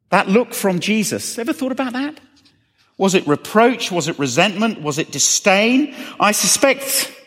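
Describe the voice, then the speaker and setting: A man's voice: sits high, a bit bright. A man preaching a sermon, earnestly asking questions and repeating phrases for emphasis. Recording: long reverb of a hall.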